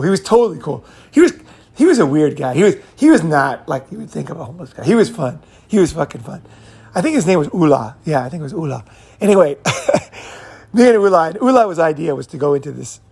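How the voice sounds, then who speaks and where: A man's voice: on the high side, creaky, darkish tone. A man talking in a rambling, unscripted monologue, swearing freely and repeating himself as he tells stories. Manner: profane, rambling storyteller who repeats himself. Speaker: channel host.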